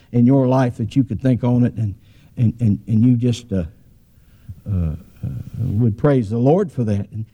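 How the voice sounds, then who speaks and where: A man's voice: mid-range voice, mellow. A man, preaching a sermon as a folksy, rambling story with frequent restarts.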